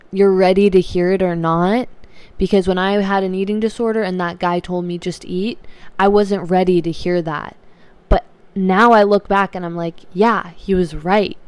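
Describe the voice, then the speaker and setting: A young woman vlogger talking earnestly and reflectively to camera, slow and searching, with frequent restarts. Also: mid-range voice, darkish tone, smooth, dry recording. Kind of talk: personal talk to camera.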